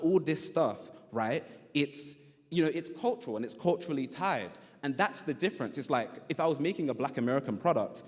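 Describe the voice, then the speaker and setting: A young man, giving an animated conference talk and often laughing. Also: medium pitch. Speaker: conference speaker. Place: conference hall. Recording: long hall reverb.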